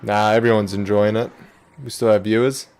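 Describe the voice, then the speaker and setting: A man's voice: lowish voice, flat delivery, normal speed, a little mellow. A man with an Australian accent doing casual, joking commentary on an online racing stream. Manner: playful, jokey banter.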